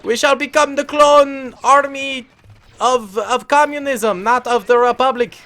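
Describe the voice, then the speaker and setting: A man voicing a rousing male communist clone commander, shouting slogans in a clumsy put-on Russian accent. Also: very high voice, steady tone, measured pace, voice pushed up, heavily acted. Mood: rallying.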